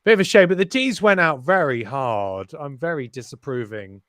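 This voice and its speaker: A man's voice: on the high side, animated, moderate pace, fairly bright tone, no echo, clean studio sound. Cheeky, swearing male race commentator. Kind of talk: live race commentary banter.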